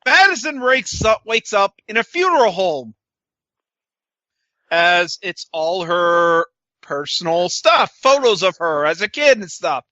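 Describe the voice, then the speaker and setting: A man's voice: high voice, sing-song, unhurried, bright, forceful tone, dry recording, muffled recording. A man co-hosting a podcast, recapping wrestling in casual chat with a sarcastic, swearing manner. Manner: sarcastic, swears, quotes wrestlers in put-on voices. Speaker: podcast co-host.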